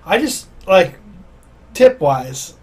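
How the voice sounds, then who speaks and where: A young man co-hosting a gaming podcast from his home office, halting and restarting his sentences. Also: sits high, sing-song, darkish tone, husky. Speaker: podcast co-host and editor. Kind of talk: casual chat.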